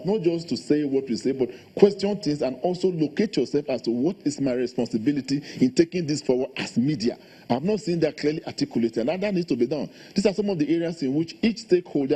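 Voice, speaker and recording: A man, a guest in a TV studio interview, speaking quickly and insistently about policy. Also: a little high, mellow, slightly rough. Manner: fast, insistent, policy talk. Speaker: election official guest.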